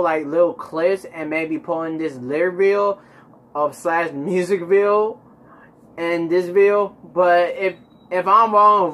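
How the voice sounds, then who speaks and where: A man's voice: sits high, fairly bright tone, slight background noise. A man hosting a casual music reaction video, chatting rambly and talking straight to his viewers.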